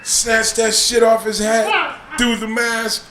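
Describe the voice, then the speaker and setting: Loud, animated man telling a wild story. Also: very high-pitched, takes it slowly, reverberant, crowd noise. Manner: loud, laughing, acts out voices in the story. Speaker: podcast host.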